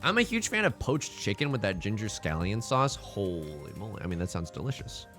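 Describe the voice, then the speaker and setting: A young man streaming a mahjong game, chatting casually and joking with playful, drawn-out emphasis. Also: fairly low pitch, sing-song, fairly bright tone, soft background music. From China. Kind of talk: casual live-stream commentary while playing mahjong.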